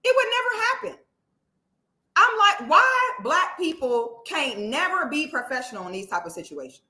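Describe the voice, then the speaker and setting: A woman vlogger tells a story in a loud, animated, swearing and laughing way. Her voice is high, bright and lively. It rings in an echoey room. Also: normal speed. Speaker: vlogger host. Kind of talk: casual reaction commentary.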